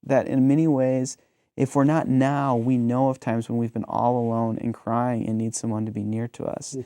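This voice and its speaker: A man's voice: mid-range voice, flat delivery, moderate pace, mellow, smooth, no echo, clean studio sound. A man in his thirties, a pastor, talking reflectively in a conversational discussion and telling stories with frequent ums.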